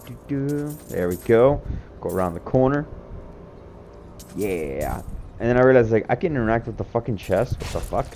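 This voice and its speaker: A man's voice: deep voice, darkish tone, slight background noise. A young man casually commentating on his own gameplay clips, rambling and swearing with lots of filler words. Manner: rambling, profane, laid-back, heavy on filler words.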